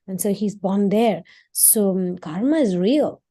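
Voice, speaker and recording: A woman leads a scripture class, talking freely with fillers and quick asides. Her voice is very dark and mellow in tone. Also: medium pitch. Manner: chatty, lively, many "right?" and "like" fillers, laughs often. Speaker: teacher.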